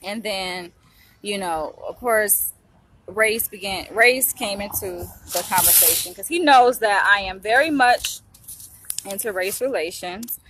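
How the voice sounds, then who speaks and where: A woman's voice: medium pitch, measured pace, fairly bright tone, a little hiss or hum. A young woman chatting to camera in a vlog, emotional and talkative, often turning to speak straight to her viewers. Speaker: vlogger, psychology trainee. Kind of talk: casual chat to camera.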